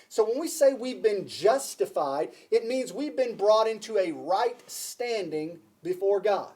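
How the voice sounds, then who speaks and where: A man's voice: high voice, expressive, measured pace, hardly any pauses, warm tone. A man preaching a sermon to a congregation, emphatic, repeating key phrases and asking the listeners questions. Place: church before a congregation.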